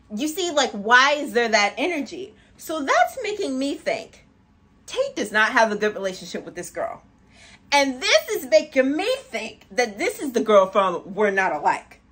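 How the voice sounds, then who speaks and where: A woman hosting a music reaction video, talking in a casual, chatty way full of "like" and quick laughs. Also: on the high side, breathy edge. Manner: chatty, animated, frequent "like" and laughs. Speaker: music reaction channel host.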